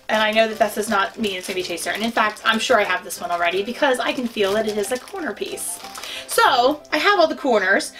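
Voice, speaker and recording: A woman's voice: a little high, fairly bright tone. A young woman chatting casually to her viewers while unboxing collectible pins, rambling with fillers and restarts. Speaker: vlogger.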